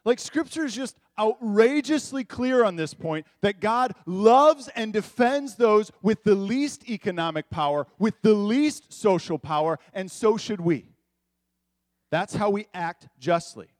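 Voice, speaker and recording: A man delivers a sermon as a pastor, talking to his congregation in a conversational, animated way with quick asides. His voice sits fairly high for a man. The sound is dry, with little room echo.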